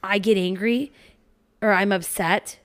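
A woman in her thirties, co-hosting a podcast in casual chat, telling stories with lots of swearing and animated retellings. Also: mid-range voice, a little slow. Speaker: podcast co-host.

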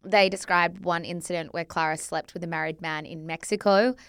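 A woman's voice: on the low side, fairly even intonation, fairly quick, fairly bright tone, clear, resonant tone, dry recording, clean studio sound. A woman co-hosting a podcast, reading a scripted history story and breaking off into chatty, conversational asides. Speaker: podcast co-host.

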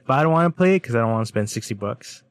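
A young man in college chats bluntly and swears freely, tossing in quick jokes. His voice sits at an ordinary middle pitch. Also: expressive, no room sound. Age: young adult. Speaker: college student. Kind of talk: casual podcast chat.

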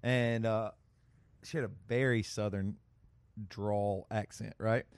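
A man co-hosting a casual podcast, telling stories with lively laughter. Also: fairly low pitch, slow pace, clear, resonant tone, no room sound. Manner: lively storyteller who laughs as he talks. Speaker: podcast co-host. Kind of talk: casual chat.

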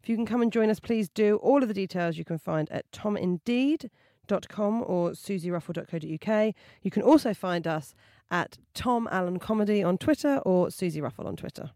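A woman co-hosting a comedy podcast, chatting through her stories with a self-mocking, easygoing delivery. Her voice sits at an ordinary middle pitch. The recording is close and dry, with no room sound. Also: expressive, brisk, few pauses, dark tone, dry recording. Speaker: podcast co-host. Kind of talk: casual comedy podcast chat.

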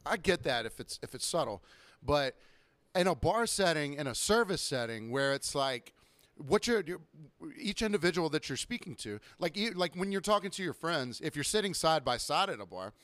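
A young man rants on a casual podcast, swearing freely as he vents about bartending. His voice sits a bit high for a man, and the sound is dry and close. He slips into higher, mocking voices to mimic customers. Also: big pitch swings, moderate pace, a bit bright, dry recording.

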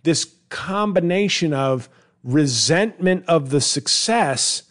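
A man's voice: fairly high pitch, lively intonation, slow pace, fairly bright tone. A middle-aged male comedian hosting a solo podcast, rambling through a bit he is working on, restarting sentences and slipping into mock voices. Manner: rambling, self-interrupting, puts on mock voices for bits.

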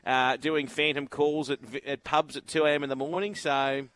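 A man's voice: a little high, little pitch movement, moderate pace, a bit bright, no echo. An Australian man presenting horse racing from the road, telling rambling anecdotes in casual radio chat and laughing often.

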